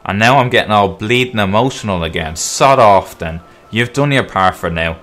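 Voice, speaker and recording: A man reading a gruff, brutish grown man's game dialogue in character, loud and blunt with rough slangy speech. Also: lowish voice, moderate pace, lightly acted.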